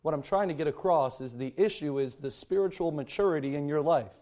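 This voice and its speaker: A male pastor preaching a sermon with a hoarse, strained voice that keeps cracking, clearing his throat and restarting words often. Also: fairly high pitch, a little fast, mellow.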